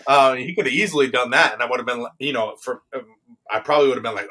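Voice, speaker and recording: A young man, a guest coach in a casual interview, telling stories in an animated way. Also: mid-range voice, quick pace. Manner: animated storyteller.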